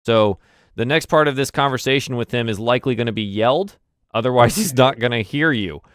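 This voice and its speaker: A man's voice: medium pitch, a little fast, clear, resonant tone, no room sound, clean studio sound. A man narrating as game master, rambling with many fillers and restarts.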